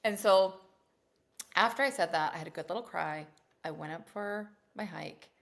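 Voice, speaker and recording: A woman co-hosts a casual podcast and tells stories with plenty of swearing. She keeps her voice at an everyday middle pitch and turns loud and theatrical when she acts out her own rants. She talks like a mother unloading frustrations to a friend. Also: moderate pace. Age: adult with children. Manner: profane, animated storytelling. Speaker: podcast co-host.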